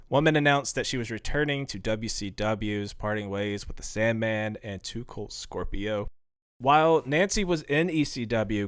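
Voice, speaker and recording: A man's voice: mid-range voice, fairly bright tone, no echo, clean studio sound. A man co-hosting a podcast, casually walking through dates and match results and laughing often. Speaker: podcast co-host. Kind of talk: casual podcast chat recounting history.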